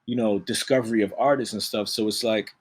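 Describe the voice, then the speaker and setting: A man, a music producer, talking in a relaxed, slangy way as an interview guest, laughing often. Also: on the low side, fairly quick, slightly rough. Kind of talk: casual interview chat.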